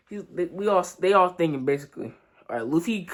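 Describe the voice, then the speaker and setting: A young man giving a casual, slangy review of a manga chapter. He sounds sleepy and talks excitably, now and then bursting into loud outcries. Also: sits high, fast talker. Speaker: anime reviewer.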